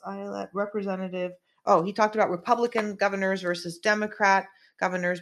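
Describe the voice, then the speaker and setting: Rambling woman host with conspiracy talk. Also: mid-range voice. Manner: rambling, conspiratorial, with frequent fillers. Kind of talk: casual political commentary. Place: small indoor room.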